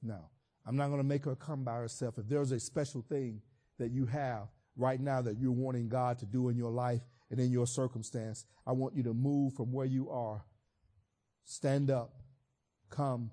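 A man's voice: medium pitch, steady tone, moderate pace, dark tone. A pastor preaching a sermon, speaking earnestly and directly to his congregation.

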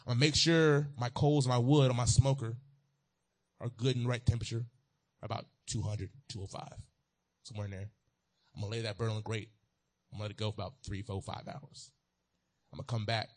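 A man's voice: medium pitch, fairly even intonation, fairly quick, pauses often. A man preaching a sermon in a folksy, playful way, talking straight to the congregation.

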